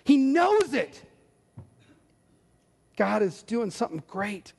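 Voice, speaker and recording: A male pastor preaching a sermon in an earnest, conversational way with animated asides. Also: high voice, creaky. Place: church sanctuary. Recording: long church hall reverb.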